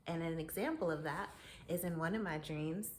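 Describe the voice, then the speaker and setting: A woman hosting her own talk show, spinning a long story in a loose, chatty monologue. She is animated, laughs often, and speaks straight to the listener. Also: low-pitched, moderate pace, a little hiss or hum. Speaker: podcast host.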